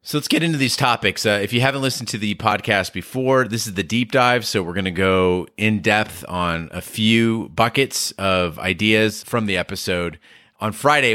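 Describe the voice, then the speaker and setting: A man co-hosting a casual podcast, his low voice bright and forceful. He talks in quick, emphatic runs, and the sound is close and dry with no room in it. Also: no room sound. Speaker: podcast co-host.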